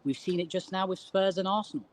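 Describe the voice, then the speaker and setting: A man's voice: high voice, steady tone, fast talker. A man arguing points in a casual football fan debate, emphatic and often saying "you know".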